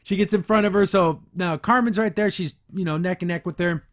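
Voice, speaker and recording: A man's voice: high-pitched, brisk, faint music behind. A young man hosting a podcast, recapping and reacting to a cartoon episode in a casual, enthusiastic, rambling way. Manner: enthusiastic, rambling, frequent restarts and laughs.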